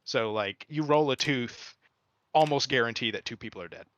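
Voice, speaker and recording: A man's voice: medium pitch, normal speed, fairly bright tone, muffled recording. A man streaming and chatting casually, explaining a game in long rambling runs full of fillers. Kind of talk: casual chat.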